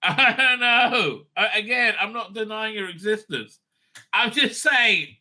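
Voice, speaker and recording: A man's voice: high-pitched, unhurried, pushed and bright. A man hosting his own online show, rambling in a loose, profane, laughing commentary style. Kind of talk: casual ranting commentary.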